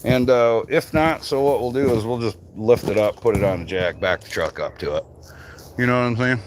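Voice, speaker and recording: A man's voice: medium pitch, fairly quick, slight background noise. A man from Michigan who runs a tree business, chatting casually and swearing freely on a live stream from an outdoor work site. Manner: swears freely, loose rambling talk.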